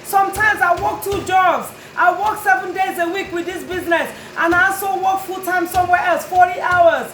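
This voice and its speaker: High-voiced lady begging her customers to be patient, firm, echoey room w/ a bit of background hiss. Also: fairly even intonation, normal speed, few pauses, a bit bright. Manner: earnest, pleading and firm. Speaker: notary and tag and title business owner. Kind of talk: direct-to-camera talk to customers.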